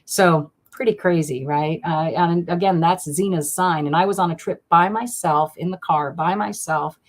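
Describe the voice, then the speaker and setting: A woman hosts a casual card-reading live stream in a lowish voice at normal speed. She's chatty and gushing, with plenty of fillers and restarts.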